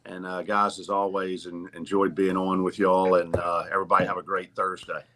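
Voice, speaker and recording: A man, a college athletics official, talking as a guest on a sports podcast in an even, measured way with fillers. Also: low-pitched, background noise. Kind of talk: casual sports talk.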